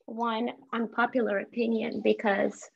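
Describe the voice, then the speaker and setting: A woman in her thirties from Azerbaijan speaks with a fairly high voice, earnest and candid, pausing and restarting as she searches for the right words. The sound comes over a muffled, lo-fi video call connection. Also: little pitch movement, gravelly, husky. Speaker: meeting participant. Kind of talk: candid personal testimony in an online meeting.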